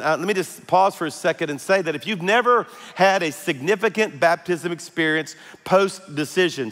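A man's voice: fairly high pitch, fairly bright tone, long reverb tail. A male pastor, preaching a conversational sermon with frequent fillers. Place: large church auditorium.

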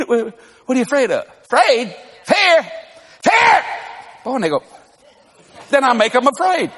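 Older preacher, high bright voice, lively swings, echoey hall. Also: male voice. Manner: animated storytelling, acts out dialogue, laughs often. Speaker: pastor. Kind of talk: sermon.

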